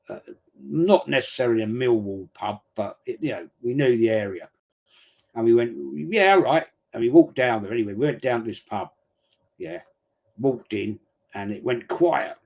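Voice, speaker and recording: Chatty middle-aged bloke. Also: male voice, medium pitch, normal speed, darkish tone. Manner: chatty rambling storyteller, blokey slang. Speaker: watch-along streamer. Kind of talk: casual live chat during a football match.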